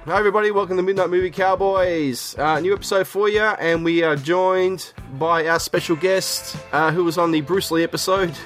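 A man's voice: high-pitched, a little fast, few pauses, fairly bright tone. Aussie guy hosting a movie podcast, kinda sick, laughs a lot, faint music behind. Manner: laughs often, rambling and jokey. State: sick with a cold. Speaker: podcast host. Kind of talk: casual chat.

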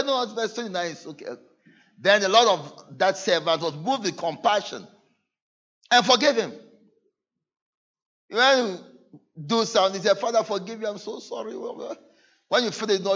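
Man, pastor, sermon, earnest, loud then soft, fairly high voice, dull lo-fi sound. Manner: earnest, shifts between loud emphasis and soft asides. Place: church service.

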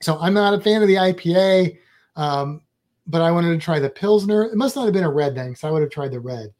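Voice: medium pitch, animated, a little fast, darkish tone. Rambling, chatty vlog co-host. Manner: rambling and chatty, with playful asides. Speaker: travel vlogger. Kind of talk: casual chat.

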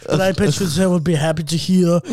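A man's voice: very high-pitched, big pitch swings, drawn-out words, darkish tone, slightly rough, pitched above the performer's own voice, heavily acted. A man voicing a jolly male German prison official in a jokey mock German accent.

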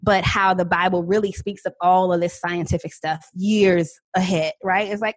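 A woman in her thirties, a podcast guest, telling a personal story in a lively, dramatic, casual way with frequent laughs. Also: lowish voice, normal speed, few pauses, dry recording. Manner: animated, self-described dramatic talker with frequent laughs.

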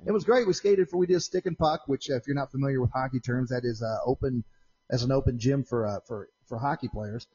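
Fast-talking husky man hosting a podcast. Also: medium pitch, dull audio. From Central Indiana. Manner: rambling, animated when retelling arguments. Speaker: podcast host. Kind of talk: casual storytelling chat. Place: home shop with doors open.

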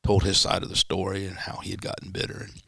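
A man, a pastor, telling a personal story in an interview and acting out the quoted dialogue with sudden pitch jumps. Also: completely flat delivery, quick pace, gravelly, fairly bright tone, no room sound, clean studio sound. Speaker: pastor, guest. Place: church studio.

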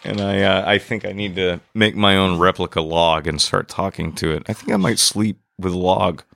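A man's voice: low-pitched, fairly even intonation, moderate pace, creaky, fairly bright tone. A man from Ireland co-hosting a podcast in casual chat, laughing and swearing freely. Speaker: podcast co-host.

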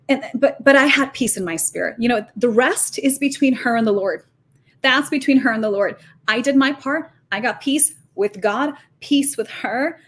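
A woman guest on a faith podcast, talking in an animated, emphatic, preachy way, fast and full of restarts. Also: sits high, breathy edge. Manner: talks fast with many restarts and fillers. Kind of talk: faith-based podcast conversation.

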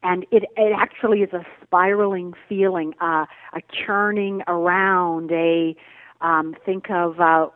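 A woman meditation teacher talks in a thoughtful, searching way, pausing often to find her words. Her voice comes over a tinny, narrow, phone-like line that sounds dry and close. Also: lowish voice, steady tone, no room sound. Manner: thoughtful, searching, with many "um" and "uh" pauses. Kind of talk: reflective spiritual interview talk. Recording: phone-like remote call audio.

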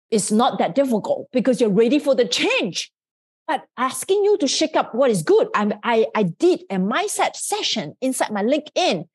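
Female podcast host, motivational monologue; high voice that swings widely, earnest and coaching. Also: darkish tone.

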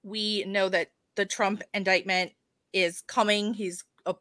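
A woman's voice: medium pitch, flat delivery, unhurried, a bit bright, no room sound, clean studio sound. A woman co-hosting a podcast in casual chat, upbeat and wry. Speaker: podcast co-host.

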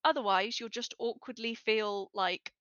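Woman on a podcast, bright tense voice, dull dry sound, acts out quotes as she goes. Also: fairly high pitch, unhurried, dry recording. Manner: lively storyteller who acts out quotes. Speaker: podcast guest. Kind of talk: casual chat.

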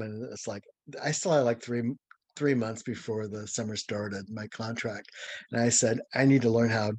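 An older man from St. Louis, a dancer being interviewed, telling a story with lively, acted-out quotes and chuckles. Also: mid-range voice, no echo. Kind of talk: anecdotal storytelling.

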